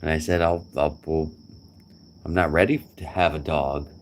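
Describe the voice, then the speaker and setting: A man's voice: extremely low pitch, fairly even intonation, normal speed, slight background noise. A middle-aged man chatting casually to a friend, rambling and joking with chuckles. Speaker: vlogger.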